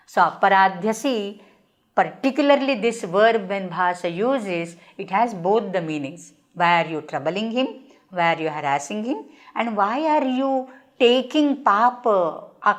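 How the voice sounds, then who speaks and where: Older Indian woman lecturing on Sanskrit verses. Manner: recites Sanskrit verses, then explains them in English with frequent fillers; acts out characters' lines with rising pitch. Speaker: Sanskrit professor. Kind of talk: explanatory lecture.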